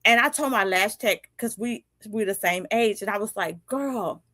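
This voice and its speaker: A woman's voice: mid-range voice, normal speed, pushed and bright, dry recording. A woman in her fifties hosting a casual live video chat as a podcast host and coach. She talks animatedly, laughs often and acts out little dialogues. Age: 50s.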